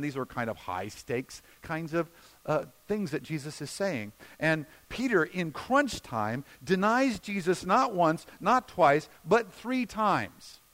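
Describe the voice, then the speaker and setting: A male pastor preaching a sermon, shifting between emphatic points and hushed, slow retellings of scenes. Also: high voice. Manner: expressive, drops to a hushed voice for quoted scenes.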